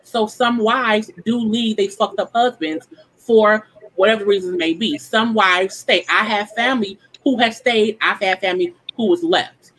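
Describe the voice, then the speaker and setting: A woman's voice: mid-range voice, measured pace, a bit bright, poor audio. A woman on a chat panel talking bluntly and swearing freely. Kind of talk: casual group chat.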